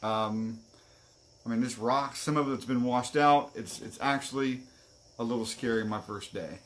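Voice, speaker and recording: A man's voice: medium pitch, moderate pace, a bit bright, a little hiss or hum. A man co-hosting a live stream, telling a personal story in a candid, earnest and self-deprecating way. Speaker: co-host.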